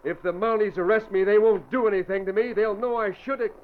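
A man's voice: high voice, steady tone, fast, natural voice. An actor playing a wounded, stubborn young man devoted to his dog, speaking in blunt short sentences, in 1940s radio acting style. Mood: angry. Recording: lo-fi old radio recording with faint hiss.

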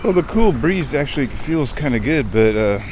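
A man's voice: mid-range voice, sing-song, moderate pace, noisy background. A man chatting casually in a vlog while feeding his backyard chickens outdoors. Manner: rambling, chatty, talks baby-talk to chickens. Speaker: vlogger. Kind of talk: casual walk-and-talk vlog.

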